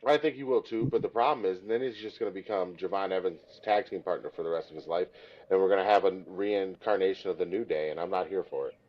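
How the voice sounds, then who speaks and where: A man co-hosting a podcast, chatting casually in an animated, rambling, self-deprecating way. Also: low voice, fast talker, lo-fi sound. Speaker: podcast co-host. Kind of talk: casual chat.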